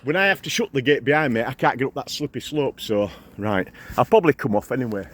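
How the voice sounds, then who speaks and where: A man's voice: mid-range voice, expressive, fast talker. A man with a Yorkshire accent, out of breath, chatting to his phone camera while riding a bike up muddy hills outdoors, groaning and swearing and joking. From Yorkshire, England. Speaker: vlogger. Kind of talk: casual commentary while riding. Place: outdoors on muddy hill tracks. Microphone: phone held in hand.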